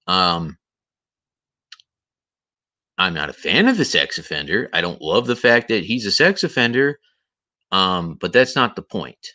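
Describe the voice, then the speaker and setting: A man's voice: deep voice, sing-song, unhurried, pauses often, bright, forceful tone. A man hosting a livestream, ranting indignantly and repeating himself, with a voice he says is tired. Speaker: livestream host. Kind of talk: heated commentary livestream.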